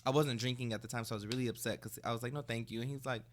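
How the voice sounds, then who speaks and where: A man co-hosting a podcast in casual chat, animated and quick to laugh. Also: medium pitch, slight background noise. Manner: animated, laughs often, chatty. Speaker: podcast co-host.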